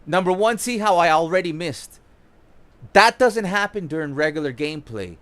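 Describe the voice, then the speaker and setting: A young man with a fairly high voice talks through a football video game tutorial as he plays. He is casual and excited, pointing out moves on screen and swearing now and then. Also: moderate pace. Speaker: gaming YouTuber. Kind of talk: casual gameplay tutorial commentary.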